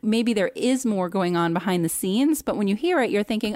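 A woman co-hosting a casual podcast, giving emphatic, animated opinions. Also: medium pitch, a little fast, dry recording, clean studio sound. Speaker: podcast co-host.

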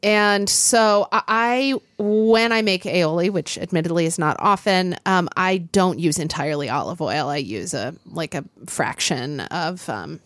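A woman demonstrating a recipe in casual chat, emphatic with quick asides. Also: on the low side, fairly bright tone, no room sound. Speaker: cook, guest.

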